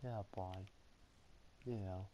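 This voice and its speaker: A young man talks through a wrestling video game in a low voice, rambling and repeating himself. He swears freely and drawls through his words slowly. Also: fairly even intonation, warm tone, dull audio. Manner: rambling, profane, repetitive. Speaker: gamer commentating his match. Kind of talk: casual gameplay commentary.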